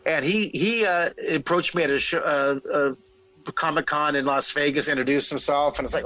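A middle-aged man telling a story in a casual interview, animated, restarting sentences and acting out what people said. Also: on the high side, fairly quick, poor audio. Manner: animated, lots of restarts, acts out quoted voices. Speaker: guest telling his career story.

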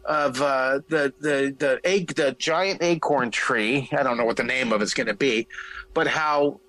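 Middle-aged man, casual interview storytelling, animated, halting restarts, quotes people in voices, dry sound. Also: mid-range voice, dry recording, low-quality recording. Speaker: guest telling his career story.

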